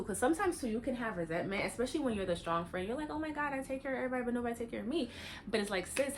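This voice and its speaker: A young woman chats candidly into her camera while getting ready. Her voice sits a little low but leaps up in animated, slangy bursts. A faint noise hums under the recording. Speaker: vlogger.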